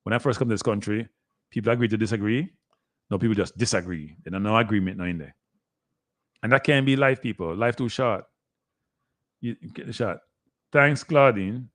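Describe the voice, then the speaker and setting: A man's voice: fairly low pitch, moderate pace, long pauses, no echo, studio quality. Chatty Jamaican man hosting a sports stream. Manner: chatty, repeats himself, talks straight to viewers. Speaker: host of a live sports show. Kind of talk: casual live-stream commentary.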